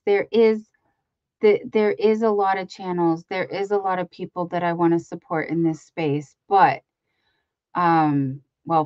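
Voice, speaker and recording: A woman's voice: on the low side, a little mellow, dry recording, highs cut off. A woman hosting a casual craft livestream, chatting to viewers in a rambling way with many ums and restarts, sometimes cooing baby talk to her dogs. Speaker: livestream host.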